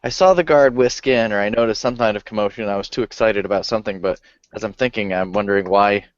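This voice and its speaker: A man playing a tabletop game, describing his character's actions in a halting, slow-building way. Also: fairly low pitch, no echo. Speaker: player. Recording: dry, dull lo-fi sound.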